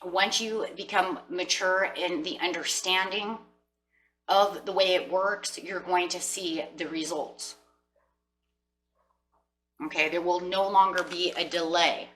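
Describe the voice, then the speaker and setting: Low, forceful woman tarot reader. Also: steady tone, takes it slowly, far from the mic, faint music behind, rough recording. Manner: earnest, encouraging, talks straight to viewers. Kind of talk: casual motivational tarot reading.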